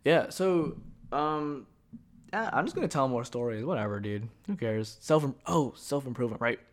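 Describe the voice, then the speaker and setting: A man's voice: mid-range voice, animated, moderate pace. Rambling, profane young man podcasting. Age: young adult. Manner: rambling, profane, joking storytelling. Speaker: podcast host. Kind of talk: casual solo podcast monologue.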